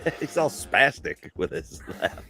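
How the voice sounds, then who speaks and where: A man's voice: medium pitch, big pitch swings, unhurried, gravelly, bright, forceful tone. A man from Florida co-hosting a live stream, chatting casually, laughing often and telling silly stories. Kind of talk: casual chat.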